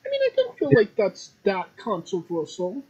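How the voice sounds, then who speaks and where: A host asking casual interview questions with a dry, relaxed humor. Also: medium pitch, normal speed, husky, dull audio. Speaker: podcast host.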